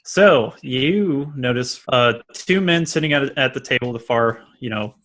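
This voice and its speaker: Bright-voiced man running a tabletop game. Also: medium pitch, animated. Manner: laughing, halting, loose narration. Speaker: dungeon master.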